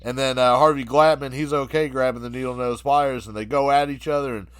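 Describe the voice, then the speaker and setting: A man's voice: mid-range voice, steady tone, fairly quick, smooth, no room sound. A man co-hosting a podcast, giving laid-back, crude play-by-play. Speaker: podcast co-host. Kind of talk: casual podcast banter.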